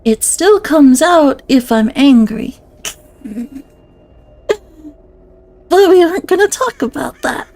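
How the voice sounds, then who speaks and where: A woman's voice: high voice, lively intonation, slow, pauses often, a little mellow. A woman streamer chatting casually on a live stream, giggling often, self-conscious and swearing a lot.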